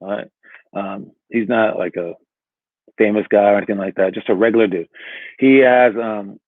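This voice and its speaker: A man's voice: fairly low pitch, fairly even intonation, moderate pace, dry recording. A man giving a casual motivational talk as a coach, rambling and asking "all right?" again and again. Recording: tinny phone-like audio.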